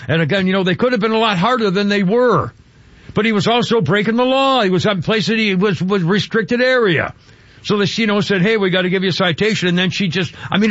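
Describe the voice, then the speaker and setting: A male talk radio host with a somewhat high voice, rambling through an indignant, mocking monologue. He stumbles and restarts often. The sound is dry and a little dull. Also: a bit bright, no echo.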